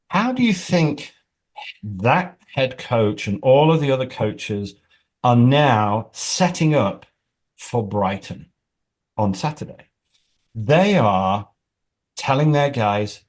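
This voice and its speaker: A man who works as an executive coach, explaining his points through lively examples and scenarios. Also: medium pitch, slow pace. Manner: animated storyteller.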